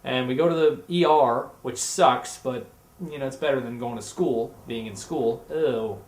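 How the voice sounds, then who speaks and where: In an echoey room, a young man vlogs comedic stories, rambling and joking as he acts out the voices of the other people involved. He speaks at a normal speed in a medium-pitched voice.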